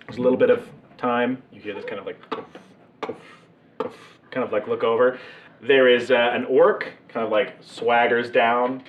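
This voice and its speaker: A man narrates as game master of a tabletop game, loose and rambling, with plenty of fillers. His mid-range voice holds fairly even intonation at normal speed, picked up by a distant, echoey, muffled mic.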